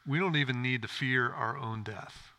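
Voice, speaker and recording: A man's voice: mid-range voice, moderate pace, sharp tone. A man pastor preaching a sermon in a church, earnest and direct, often asking the congregation questions.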